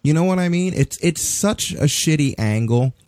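A man's voice: a little high, lively intonation, normal speed, darkish tone, no echo. A man in his forties ranting profanely in a casual podcast chat. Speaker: podcast co-host. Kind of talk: casual wrestling review chat.

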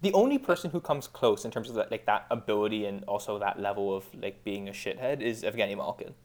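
A man's voice: on the low side, expressive, fast, darkish tone. Sarcastic ranting hockey-fan man. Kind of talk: casual sports podcast chat.

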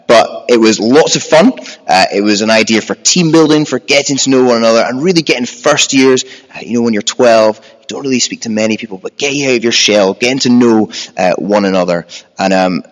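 A man, preaching a sermon in a relaxed storytelling way with self-deprecating humour. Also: lowish voice, long reverb tail, low-quality recording. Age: 20s.

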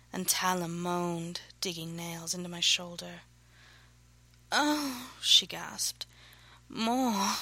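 Breathy, gravel-edged woman narrating. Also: lowish voice, no echo, low-quality recording. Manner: soft, breathy, often whispered narration. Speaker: author reading her own novel. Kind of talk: reading erotic fiction aloud.

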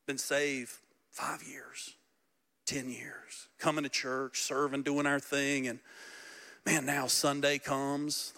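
A man pastor preaching a sermon, animated and joking, speaking directly to his congregation in a church. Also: a little high. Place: church sanctuary.

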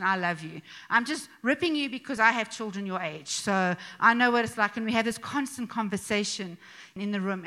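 A middle-aged woman delivers a conversational sermon, mixing jokes and asides into her message. Her voice is pitched a little high and has a bright, forceful edge. She sounds animated and chatty, as if talking with friends from the pulpit. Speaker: speaker addressing a church gathering.

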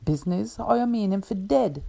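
A woman voicing a brawling, bullying man in a Jamaican accent, loud and rough. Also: high-pitched, expressive, measured pace, full character voice. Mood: angry.

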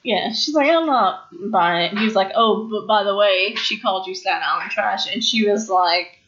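A woman's voice: mid-range voice, normal speed, fairly bright tone. A woman co-hosting a casual chat, recapping wrestling and acting out quotes with frequent laughs. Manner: chatty, laughs often, acts out quotes. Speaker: podcast co-host. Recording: dull lo-fi sound.

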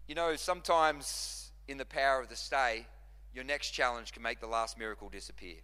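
A pastor preaches an impassioned sermon in a medium-pitched voice that sounds pushed and bright, at a moderate pace. He repeats and restarts phrases to drive his points home, and a large hall's long reverb trails his words.

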